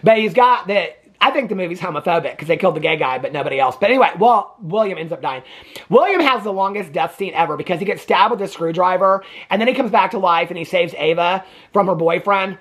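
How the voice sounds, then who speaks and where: A woman casually recapping a movie plot, rambling and laughing, swearing now and then and acting out the characters in high voices. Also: expressive, fast talker. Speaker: movie reviewer.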